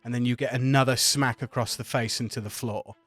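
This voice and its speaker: A man's voice: medium pitch, fairly even intonation, a little fast, fairly bright tone, natural voice. A man voicing a stern male naval officer who gives clipped, threatening orders.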